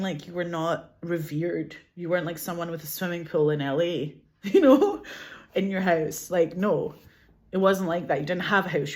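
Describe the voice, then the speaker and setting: A woman with a Glasgow Scottish accent, chatting casually as an interview guest, animated, laughing often, swearing and saying "like" a lot. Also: on the low side. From Scotland. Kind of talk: casual chat.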